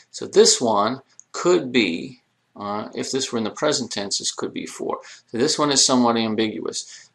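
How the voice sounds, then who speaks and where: A man with a fairly low voice walks students through a recorded lesson. He explains patiently, step by step, often pausing on rhetorical questions before giving the answer. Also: a bit bright. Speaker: Arabic teacher. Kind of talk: recorded lecture.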